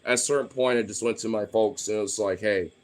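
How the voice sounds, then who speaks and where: A man with a fairly low voice rambles through a heated, profane monologue, packing it with fillers and restarts. He sounds loose and conversational, and his anger keeps building. Faint music plays under his talk. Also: fairly even intonation, fast.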